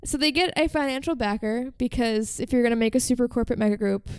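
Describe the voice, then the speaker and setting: A woman's voice: a little high, quick pace, a little mellow, clear, resonant tone, no room sound. A woman hosting a podcast, telling a story in casual chat with lots of "like" fillers. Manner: chatty, frequent "like" fillers. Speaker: podcast host.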